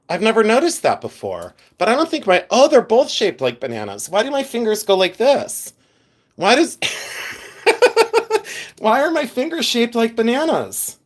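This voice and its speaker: A man hosting a live stream about gems, chatting casually with viewers, giggling often and rambling into asides. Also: sits high. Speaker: livestream host showing gems.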